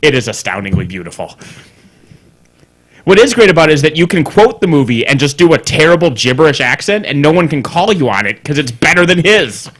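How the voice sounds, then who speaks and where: A man co-hosting a casual podcast, animated, swearing freely and laughing often as he talks. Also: on the high side, moderate pace, long pauses. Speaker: podcast co-host. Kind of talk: casual chat. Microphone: studio mic on a live stream.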